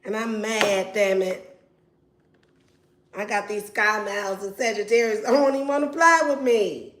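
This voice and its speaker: A woman's voice: medium pitch, a little slow, a bit bright, a little hiss or hum. A woman giving a casual tarot reading in a brash, playful and profane way. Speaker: tarot reader. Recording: roomy echo.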